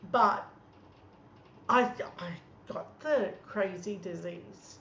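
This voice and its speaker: Woman, 30s, blunt scornful political rant; mid-pitched, recorded in an echoey room. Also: animated, slow pace, fairly bright tone. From Australia. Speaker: political commentator. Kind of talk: ranting political commentary. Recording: echoey room, dull lo-fi sound, faint noise.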